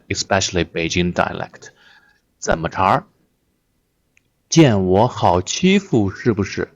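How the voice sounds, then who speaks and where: A man's voice: low voice, muffled recording. A man teaching Chinese phrases in English, explaining a TV clip line by line, often repeating words and checking with "right?".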